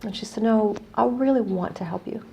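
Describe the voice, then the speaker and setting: A woman's voice: medium pitch, fairly quick, vocal fry, background noise. A middle-aged woman from the United States, an earnest guest telling a story in conversation and quoting others as she goes. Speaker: guest, non-profit executive director.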